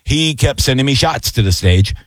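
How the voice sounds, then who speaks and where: A man's voice: moderate pace, no echo. A man hosting a radio after-show, chatting loosely in the studio. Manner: loose and chatty, breaks into excited high-pitched impressions. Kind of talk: casual studio banter.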